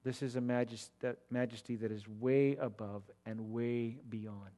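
A man preaching an expository sermon, emphatic and rising to loud declamation when he repeats words. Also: medium pitch, fairly even intonation, unhurried. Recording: long reverb of a large hall.

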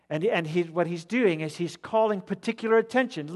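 A man delivers an expository sermon from a church sanctuary. His voice sits slightly high, and he swells into loud, emphatic declamation on repeated words. A long reverb from the large hall trails after each phrase. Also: moderate pace, few pauses. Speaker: preacher.

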